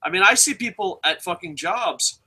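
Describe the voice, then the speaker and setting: A man's voice: high voice, lively intonation, normal speed, bright, forceful tone, husky. A man co-hosting a wrestling news show, ranting bluntly and profanely in casual chat.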